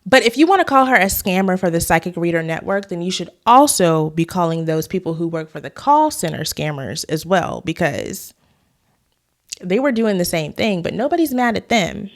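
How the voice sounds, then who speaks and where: A woman's voice: fairly low pitch, very animated, normal speed. A woman hosting a commentary vlog, talking conversationally and giving her opinions straight to the viewers. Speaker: YouTube host.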